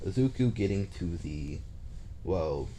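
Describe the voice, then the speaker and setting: A man's voice: low-pitched, expressive, unhurried, warm tone, a little hiss or hum. A man casually retelling a fan-made story off the cuff, thinking aloud and plotting as he goes.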